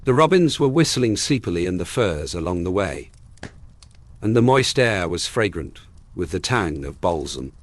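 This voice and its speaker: A man narrating a classic novel as a gentle, expressive bedtime audiobook. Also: low voice, normal speed.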